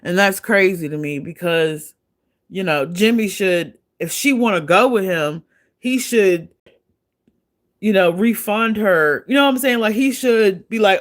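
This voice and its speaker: A woman's voice: mid-range voice, measured pace. A woman hosting a livestream, giving casual gossip commentary in a blunt, profane, chatty way and laughing often. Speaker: livestream host.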